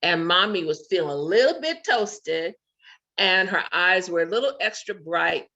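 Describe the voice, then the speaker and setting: A woman's voice: lowish voice, expressive, normal speed, bright, forceful tone. A woman giving a memorial tribute speech, telling fond anecdotes over a video call. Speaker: memorial speaker. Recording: muffled video call audio.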